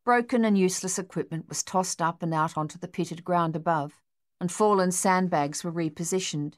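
A woman reading an audiobook in measured, even storytelling narration. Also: lowish voice, dry recording, clean studio sound.

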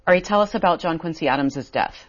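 Brisk low-voiced female radio host. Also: animated, muffled recording. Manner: brisk, direct questions. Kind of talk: call-in radio hosting.

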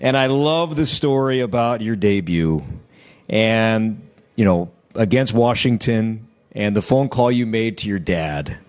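A man hosting an interview. He leads in smoothly and prompts his guest to tell stories. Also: lowish voice, expressive, a little slow. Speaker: interviewer, broadcaster. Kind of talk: interview questions.

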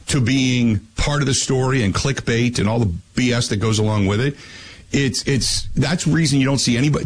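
A man hosting sports talk radio, ranting loudly with crude insults in a husky voice. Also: mid-range voice, low-quality recording.

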